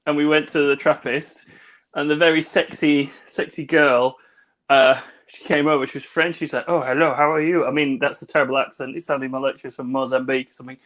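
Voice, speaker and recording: A man's voice: medium pitch, steady tone, fairly quick, a bit bright. A man co-hosting a casual drinks livestream, telling jokey anecdotes and acting out other people's lines. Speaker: co-host. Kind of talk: casual drunken chat on a livestream.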